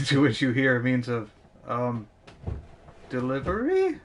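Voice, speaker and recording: A man's voice: medium pitch, huge pitch swings, unhurried, heavy background noise. Rambling game master man. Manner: rambling, keeps saying "means of", laughs a lot. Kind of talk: narrating a tabletop game.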